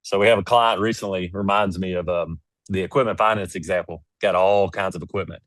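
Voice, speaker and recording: A man's voice: low voice, steady tone, a little fast, a bit bright, dry recording. A man speaking as a guest in an interview, making his points with emphatic, preachy storytelling. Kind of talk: casual interview conversation.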